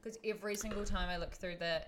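A woman's voice: medium pitch, steady tone, quick pace, a bit bright, slight background noise. A young woman co-hosting a podcast, chatting casually in a blunt, gossipy way. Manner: gossipy, blunt, laughs into lines. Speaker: podcast co-host. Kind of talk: casual chat.

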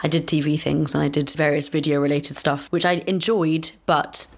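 A low-pitched woman speaking in a crisp English Received Pronunciation accent. She chats freely in an interview and thinks aloud as she goes, often breaking off and restarting her sentences. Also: steady tone, normal speed. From England. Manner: chatty, thoughtful, with many restarts. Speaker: voice actor guest. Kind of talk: casual interview chat.

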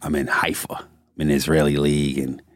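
A man's voice: rumbling low, little pitch movement, brisk, no echo, studio quality. A middle-aged man telling his story in casual, profane conversation and laughing often as he talks.

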